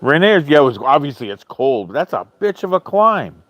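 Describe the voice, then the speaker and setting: A man hosting a live stream in casual chat, answering viewers' comments in a chatty, animated way, swearing freely and often laughing. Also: a little high, a little fast. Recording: dull lo-fi stream audio, dry.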